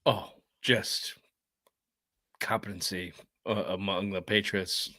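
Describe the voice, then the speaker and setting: A man in his thirties with a Boston accent, talking low but with a bright, forward edge. He trades profane jokes and lively family stories in casual podcast chat, recorded dry and close on a studio mic. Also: slow pace, dry recording. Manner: profane, joking, animated storytelling. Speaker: podcast co-host.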